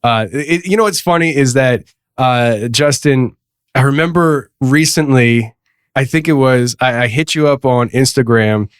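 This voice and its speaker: A man's voice: medium pitch, measured pace, clear, resonant tone, dry recording. Rambling man hosting a studio podcast. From East Tennessee. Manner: rambling, self-mocking, laughs often. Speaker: podcast host. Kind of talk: casual studio chat.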